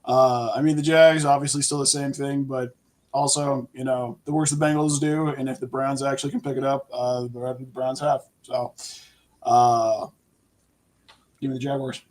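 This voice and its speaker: A man in a casual sports chat with a flat, plain delivery. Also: mid-range voice, normal speed, low-quality recording.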